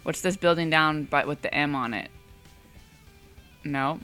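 A person playing a video game with friends, making dry, deadpan remarks. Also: mid-range voice, unhurried, clean tone, faint music behind. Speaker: game commentator. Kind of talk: casual let's-play banter.

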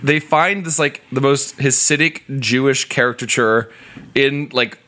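Brief: man telling a long story loosely in comic podcast banter, bright and crisp. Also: medium pitch, a little slow. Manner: rambling storyteller with many fillers and restarts. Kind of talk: casual comedic chat.

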